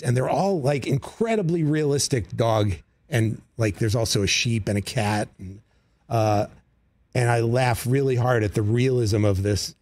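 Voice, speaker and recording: A middle-aged man, a comedy writer, telling stories as a guest in a studio interview, animated and breaking into voices. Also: medium pitch, dry recording. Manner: animated, slips into character voices. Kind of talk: casual interview storytelling. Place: radio studio.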